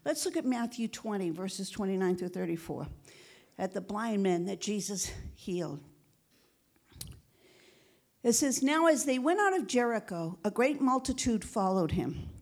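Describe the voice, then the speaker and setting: A woman's voice: medium pitch, sing-song, unhurried, vocal fry. A woman pastor preaching a sermon, emphatic, calling out for amens and dropping to a whisper when quoting. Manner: emphatic preaching with frequent call-outs for amen.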